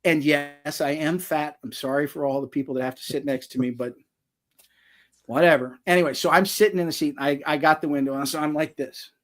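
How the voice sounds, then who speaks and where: Male author guest, folksy storyteller, rambling and self-mocking, slightly higher voice, video call audio. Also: fairly even intonation, a little fast, fairly bright tone. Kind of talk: casual storytelling on a live chat.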